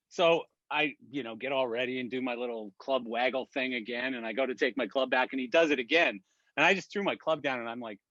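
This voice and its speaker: On a video call for a weekly industry chat, a regular guest tells anecdotes casually, laughing and swearing as he goes. His mid-range voice is bright and forceful, and he talks fairly quickly. The video-call audio is dull and dry, with no room sound.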